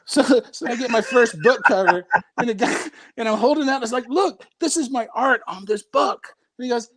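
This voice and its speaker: A man who is a guest on a casual podcast, telling stories with lively, acted-out quotes. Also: very high voice, normal speed. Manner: animated storyteller, acts out quoted voices. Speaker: guest artist.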